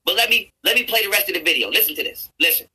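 A man YouTuber in an angry, profane rant, stammering and restarting his words and building up to shouts. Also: high-pitched, lively intonation, very fast, breathy edge, rough recording. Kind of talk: angry ranting commentary over a played clip.

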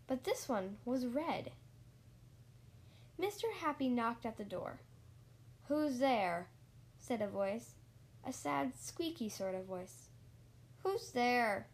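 A woman reading a children's story aloud, slow and deliberate, lingering on repeated phrases. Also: on the high side, lively intonation.

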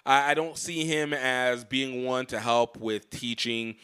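A man's voice: mid-range voice, unhurried, pushed and bright, smooth. A man hosting a rugby show, talking casually with frequent restarts and fillers. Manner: rambling, with many restarts and fillers. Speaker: rugby podcast host. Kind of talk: casual commentary.

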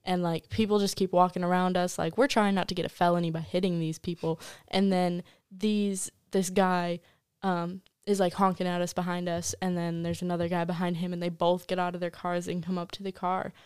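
A woman's voice: fairly low pitch, flat delivery, fairly quick, hardly any pauses, a little mellow, clear, resonant tone, no echo, clean studio sound. A woman guest on a podcast, telling a rambling story full of "like" fillers in a casual chat. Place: host's home studio.

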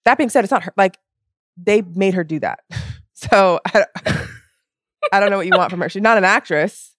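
Brief: woman guest, mid pitch, frank and opinionated, dry close sound. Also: moderate pace, no room sound. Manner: frank, opinionated, quoting herself. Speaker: podcast guest. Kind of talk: casual chat.

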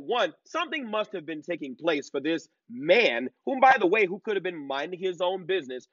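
A man's voice: on the high side, a bit bright, a little hiss or hum. A man in his thirties hosting a live-streamed commentary lecture, emphatic and drawn out, full of fillers and repeated "okay?" checks. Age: 30s. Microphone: laptop. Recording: dull lo-fi and dry.

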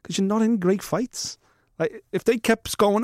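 A man's voice: high voice, moderate pace, a little mellow, dry recording, clean studio sound. A man co-hosting a sports podcast, talking casually and bluntly, swearing freely and ranting. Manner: blunt, swears freely, rants with mock quotes. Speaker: podcast co-host.

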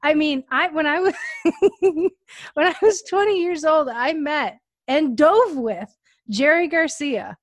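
A woman's voice: sits high, takes it slowly, dry recording. A woman chatting in a bubbly way and laughing as she shares an anecdote. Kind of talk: casual chat. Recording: dry close sound.

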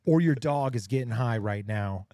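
An animated man hosting a podcast, swearing freely as he tells stories. His voice is mellow and dark, with a dry, close sound. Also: mid-range voice, normal speed, no echo. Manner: animated, profane storytelling. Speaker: podcast host. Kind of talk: casual chat.

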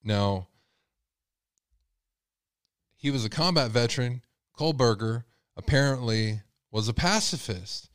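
A man's voice: mid-range voice, animated, normal speed, clear, resonant tone, no echo, studio quality. A man hosting a podcast, giving sarcastic, jumpy true-crime commentary and talking straight to his listeners. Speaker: podcast host.

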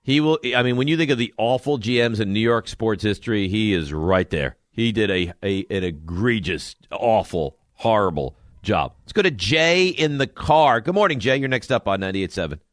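A man's voice: fairly low pitch, lively intonation, normal speed, hardly any pauses, dry recording, studio quality. A man hosting a sports talk radio show, teasing and talking over callers. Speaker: radio host.

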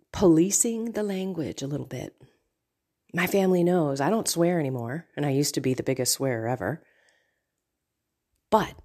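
A woman's voice: low voice, darkish tone. A woman hosting a podcast, talking through a casual faith reflection, chatty and laughing often as she acts out quoted voices. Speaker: podcast host.

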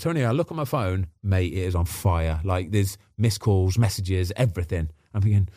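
Animated, chatty man telling stories. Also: lowish voice, brisk, hardly any pauses, no echo, studio quality. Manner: animated, acts out quotes, chatty. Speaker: podcast guest, former goalkeeper. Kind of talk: casual storytelling.

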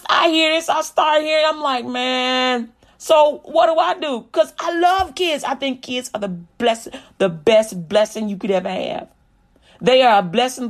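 A middle-aged woman, a comedian, giving a lively testimony-style talk about her faith, acting out dialogue and repeating lines for emphasis. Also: high voice. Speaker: comedian and Christian speaker. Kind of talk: testimony-style preaching with comic storytelling.

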